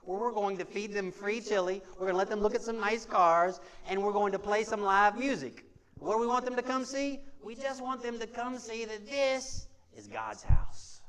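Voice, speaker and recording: A high, fairly bright-voiced pastor preaches conversationally to a congregation in a church sanctuary. He repeats key phrases and questions the room in a call-and-response style.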